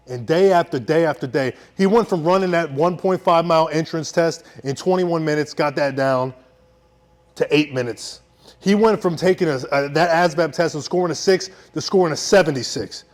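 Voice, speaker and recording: Young guy telling his story on stage, kinda high voice, gets loud then real quiet. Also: a little fast. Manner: intense, swings between shouting and hushed. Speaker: veteran storyteller. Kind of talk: live personal storytelling.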